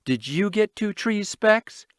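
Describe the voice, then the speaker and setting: A man voicing an energetic young orphan boy from the city who talks in excited street slang. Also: high-pitched, slow, clean tone, no room sound, studio quality, pitched above the performer's own voice. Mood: excited, boastful.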